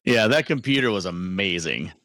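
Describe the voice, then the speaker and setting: A man's voice: low-pitched, animated, moderate pace, fairly bright tone, no room sound. A man co-hosting a casual film review podcast, talking in an easygoing, hedging way with frequent chuckles. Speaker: podcast co-host.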